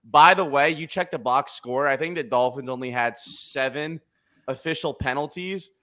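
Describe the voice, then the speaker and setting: A man hosting a casual sports talk show, excitable and emphatic, hammering his points home with repetition. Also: mid-range voice, moderate pace. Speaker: podcast host.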